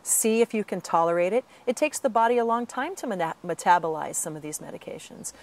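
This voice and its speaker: A woman speaks in an interview, laying out her advice in a steady, earnest way. She breaks now and then into animated quoted voices of other people. Her breathing sounds a little strained. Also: medium pitch, fast. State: slight breathing trouble. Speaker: author and patient advocate. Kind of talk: interview answer.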